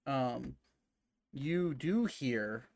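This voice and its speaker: A man narrating as game master of a tabletop game in a casual, halting way with many fillers. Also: mid-range voice, expressive, creaky, a little mellow.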